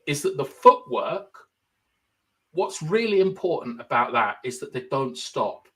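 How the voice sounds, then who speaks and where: A man's voice: medium pitch, very animated, unhurried, sharp tone. A young man co-hosting a casual football podcast, explaining tactics at length and thinking aloud with lots of fillers. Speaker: podcast co-host.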